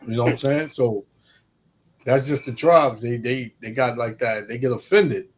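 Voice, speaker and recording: A man's voice: medium pitch, normal speed, crowd noise. A man talking in a casual religious discussion, rambling with frequent restarts.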